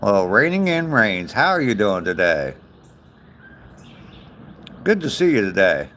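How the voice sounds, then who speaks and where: A man's voice: on the low side, very animated, measured pace, bright, forceful tone, slight background noise. An older man chatting casually on a livestream while walking outdoors, greeting viewers by name and chuckling at their comments. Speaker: livestreamer reading viewer chat. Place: outdoors on a walk.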